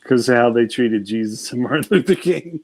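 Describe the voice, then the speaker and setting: A man's voice: mid-range voice, expressive, normal speed, a little mellow, slight background noise, poor audio. Guy just chatting casually, kinda rambly, retelling funny bits and chuckling at them. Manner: rambling, laughs at own jokes, retells comedy bits. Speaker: conversation partner. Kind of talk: casual chat.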